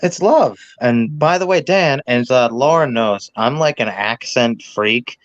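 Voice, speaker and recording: A man's voice: mid-range voice, measured pace, no room sound, highs cut off. A man on a live-stream panel, chatting casually and crudely, showing off his voices. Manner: crude joking, shows off voices.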